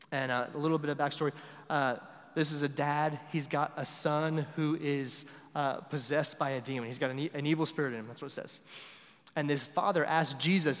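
Conversational young pastor in a reverberant hall. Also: male voice, a little high. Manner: conversational preaching, repeats words, swings between loud emphasis and quiet. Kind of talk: sermon.

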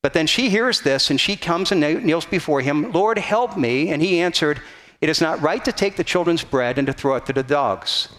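A man's voice: a little high, lively intonation, fairly quick, a bit bright. A man pastor preaching a conversational sermon, teaching from a map and reading scripture aloud with frequent restarts.

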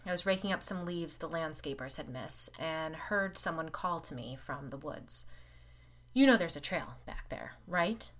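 A grim, shaken man, bitter and blunt, recounting something strange as a woman reads him aloud. His voice sits low and plain. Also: lively intonation, moderate pace, fairly bright tone. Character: shaken bitter middle-aged man, homeowner.

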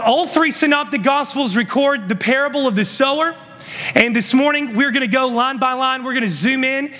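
A man with a very high voice preaches a sermon, reading scripture and pressing his points with emphatic, building intensity that climbs into shouts. His voice rings out with a long reverb in a large church hall. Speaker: pastor.

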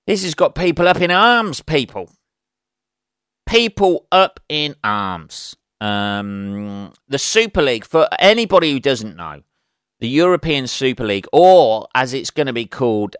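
A podcast host rants on his own, exasperated and swearing freely. His mid-pitched voice is smooth and resonant. It sits close to the mic with a dry sound and no room echo. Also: fairly bright tone. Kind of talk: casual solo podcast rant.

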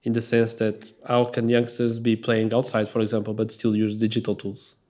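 A man's voice: lowish voice, completely flat delivery, darkish tone. Sick-voiced man guesting on a podcast. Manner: slow, thoughtful, laughs often. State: sick, husky voice. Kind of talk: casual interview chat.

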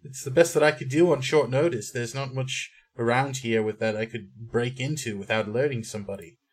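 Man doing a practical female companion, sorry she couldn't find more, even mid voice. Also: mid-range voice, brisk, husky, lightly acted. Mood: apologetic. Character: female companion back from scrounging.

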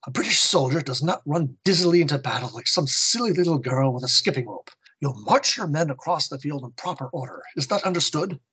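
Guy doing a snooty posh old-school colonel, pitched up, breathy and husky. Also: big pitch swings, brisk, bright, forceful tone, exaggerated voice, poor audio. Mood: scornful. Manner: haughty, condescending. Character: pompous upper-class British army colonel, male, disdainful.

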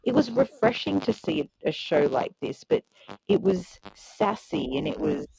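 A woman's voice: medium pitch, big pitch swings, normal speed, creaky, darkish tone, slightly rough, rough recording. A woman chatting casually about a show, hesitant and searching for words. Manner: hesitant, restarts often, many fillers. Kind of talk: casual chat reviewing a show.

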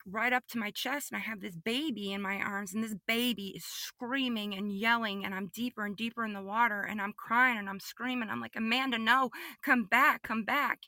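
A woman giving a podcast testimony, telling a personal story vividly and emotionally, often repeating phrases and moving between hushed and excited delivery. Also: mid-range voice, no echo, clean studio sound.

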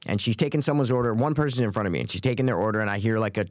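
A man's voice: on the low side, very fast. A young man co-hosting a podcast, telling a rambling story in casual chat, swearing often and acting out what people said. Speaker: podcast co-host.

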